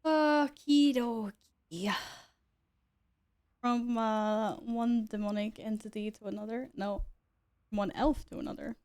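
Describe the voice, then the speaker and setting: A woman streamer chatting casually with her viewers, chatty and quick to apologize and giggle. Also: mid-range voice, steady tone, darkish tone, clean tone. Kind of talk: casual live-stream chat.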